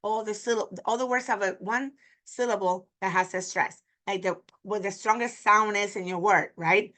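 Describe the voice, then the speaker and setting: Bright-voiced teacher. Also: female voice, mid-range voice, steady tone. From Puerto Rico. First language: Spanish. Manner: demonstrative, repeating example words slowly. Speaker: Spanish teacher. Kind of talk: online pronunciation lesson.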